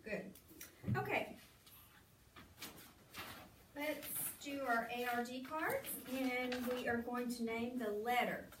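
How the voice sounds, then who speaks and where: High-voiced woman teaching from across a classroom. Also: takes it slowly, pauses often. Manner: patient, prompting students to finish her sentences. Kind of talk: classroom reading lesson. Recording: echoey classroom, far from mic, faint noise.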